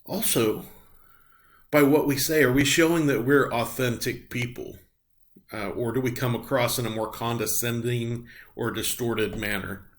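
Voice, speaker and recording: A middle-aged man teaching a recorded class on patient communication. His voice sits at an ordinary middle pitch. He explains each point plainly and often pauses on um and uh. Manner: explanatory, frequent ums and uhs. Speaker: nursing instructor. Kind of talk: recorded lecture.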